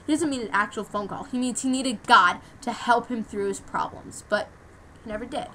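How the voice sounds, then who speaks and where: A teenage girl from the United States speaks straight to camera in a personal vlog, rambling through an emotional story with lots of "like"s. Her voice sits a little high and sounds bright. A faint hiss runs underneath. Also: moderate pace, low-quality recording. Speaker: vlogger.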